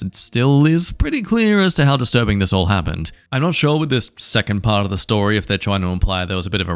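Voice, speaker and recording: A man's voice: fairly low pitch, clean tone, no room sound. A man, his voice worn and giving out, reading online stories aloud with plain, wry commentary as a channel host.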